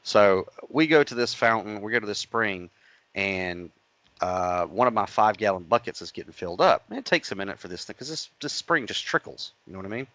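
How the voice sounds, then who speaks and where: A lower-pitched man co-hosts a casual podcast and rambles through a story with many restarts. His voice sits in a dry, close recording with no room sound. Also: lively intonation, fairly quick, sharp tone, no room sound, rough recording. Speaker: podcast co-host.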